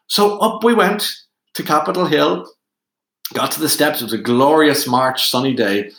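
A man with an Irish accent, a podcast guest telling a lively self-deprecating anecdote. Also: fairly high pitch, moderate pace, vocal fry. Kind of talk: animated storytelling. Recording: roomy echo.

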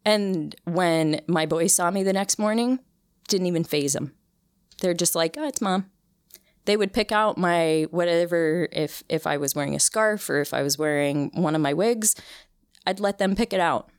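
Speaking with a lowish, clean voice at a moderate pace, a cancer survivor in her thirties tells her personal story as a guest in a relaxed interview. She is earnest and emotional, often restarting her sentences, and the studio sound is clean and echo-free.

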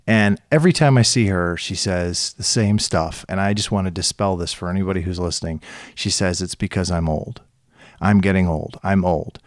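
A man's voice: low voice, moderate pace, no echo, clean studio sound. Blunt middle-aged man with a Chicago accent. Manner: blunt, animated storyteller. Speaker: guest. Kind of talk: casual podcast chat.

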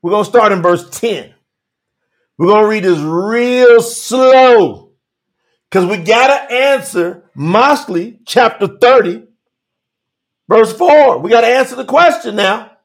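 Lively high-voiced male preacher. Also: gravelly. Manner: animated, calls out to chat viewers by name; Southern-style 'y'all' address, drawn-out emphatic reading. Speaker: preacher on a live stream. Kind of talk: livestream sermon reading scripture.

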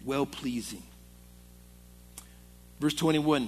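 A man's voice: a little high, slow pace, pauses often, fairly bright tone. A male pastor preaching to a men's Bible study in a conversational, storytelling way. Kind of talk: sermon. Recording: long hall reverb.

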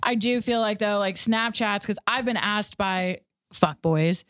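A woman's voice: mid-range voice, measured pace, a bit bright, no echo, clean studio sound. Laughing, swearing woman on a podcast. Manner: laughs often, swears freely. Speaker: podcast co-host. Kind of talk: casual chat. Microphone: studio microphone.

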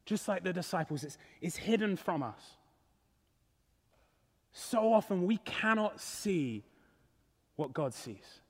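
High voiced male pastor giving an earnest sermon, lots of echo off the church walls. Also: big pitch swings, slow pace, pauses often, slightly rough. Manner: earnest, emphatic, rising and falling.

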